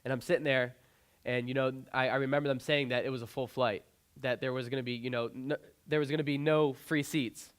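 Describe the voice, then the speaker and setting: A young motivational speaker delivers an inspirational keynote on a conference stage, earnestly sharing a personal story into a stage microphone. His medium-pitched voice is smooth and steady, a little fast. He often restarts and repeats phrases.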